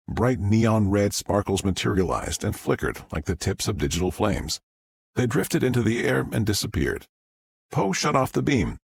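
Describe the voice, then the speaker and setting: A man narrates a novel aloud for an audiobook in a gravelly, lowish voice. His delivery is measured, and there is no echo.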